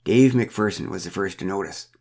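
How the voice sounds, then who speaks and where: A man's voice: low voice, moderate pace, a little mellow. A man reading a first-person story aloud with a wry, dryly humorous manner. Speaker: narrator.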